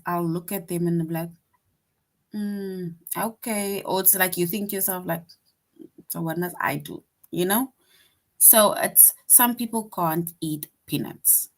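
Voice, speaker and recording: A woman teaching a lesson to young children, patient and slow, reading example sentences aloud with emphasis and checking in often with "right?". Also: fairly low pitch.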